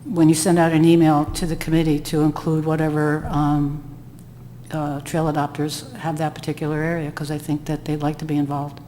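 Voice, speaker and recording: Woman reporting at a town meeting, lots of ums, low monotone voice, faint room noise. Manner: halting, many ums, slow and hesitant. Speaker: trail adopter volunteer coordinator. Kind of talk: committee meeting discussion. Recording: distant room mic, echoey hall, faint noise.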